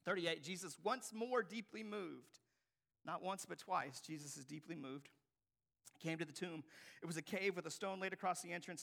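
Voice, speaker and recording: Pastor guy preaching, high voice, goes from whispery to big and loud, bright tone. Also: moderate pace, creaky. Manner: dynamic, swings from hushed to loud and emphatic. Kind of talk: sermon. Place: church hall before a congregation.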